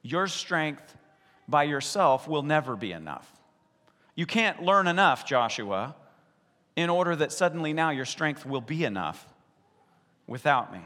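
A man preaching in a church sanctuary, his voice bright and sitting a little above the usual range for a man. He is animated and acts out the voices in his retellings. A long reverb from the large hall trails after his words. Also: on the high side, measured pace, long pauses. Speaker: pastor. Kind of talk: sermon.

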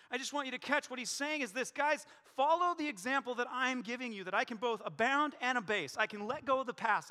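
A man preaching a sermon as pastor, animated and joking, acting out prayers and quotes. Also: extremely high pitch, big-room sound.

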